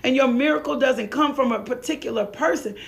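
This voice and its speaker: Woman preacher, high pitched with a gravelly edge, fired up and repeating herself. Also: brisk. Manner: fervent, repetitive calls, breaks into tongues. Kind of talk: sermon.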